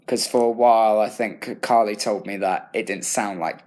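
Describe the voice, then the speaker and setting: Young british guy, kinda low voice, thinking out loud about his feedback, lots of restarts. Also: steady tone. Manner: thoughtful, self-correcting, halting. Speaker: drama student. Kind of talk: reflective self-assessment talk.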